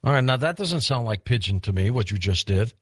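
A man's voice: medium pitch, lively intonation, a little fast, no echo, studio quality. A man hosting a late-night call-in radio show, joking lightly with callers. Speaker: radio host.

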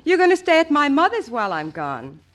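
A woman's voice: high voice, huge pitch swings, brisk. A woman speaking with a dry, teasing delivery in a 1940s radio comedy. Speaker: comedy show co-host.

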